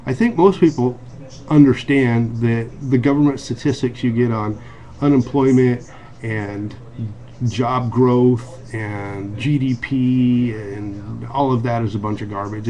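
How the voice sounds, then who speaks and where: Earnest American man, casual vlog monologue, mid pitch, halting with restarts. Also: steady tone, dark tone. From United States. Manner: earnest, with frequent restarts and ums. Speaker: video blogger.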